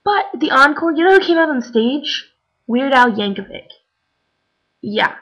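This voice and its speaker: A woman's voice: high voice, lively intonation, a little slow. A tired young woman chatting casually in a rambling way, with lots of "like" and "um". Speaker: vlogger. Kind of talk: casual chat. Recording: dull lo-fi webcam recording.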